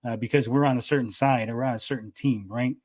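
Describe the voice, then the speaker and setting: A man's voice: mid-range voice, steady tone, fast, a little mellow. A man arguing heatedly and insistently, often interrupting and repeating himself. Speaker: debater. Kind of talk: heated argument.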